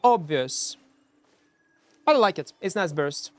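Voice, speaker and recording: Brief: male game streamer, high voice, chatty and self-mocking, non-native English. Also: lively intonation, slow pace, no echo. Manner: self-mocking, talks to chat, hums between plays. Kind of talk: casual live-stream chat while playing.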